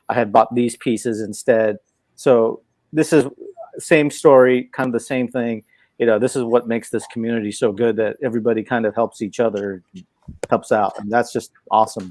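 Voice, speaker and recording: A man chatting enthusiastically as a livestream guest. His voice is dry and close, with no room sound, and sits at a middling-low pitch. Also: a little mellow, dry recording. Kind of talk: casual livestream chat.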